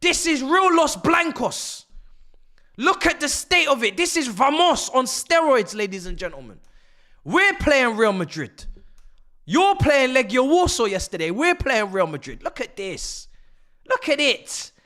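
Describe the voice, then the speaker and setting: Animated, high-voiced fan ranting. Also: male voice, a little slow. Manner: exasperated ranting, mocking, often laughing. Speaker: football fan streamer. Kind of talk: live match watch-along commentary.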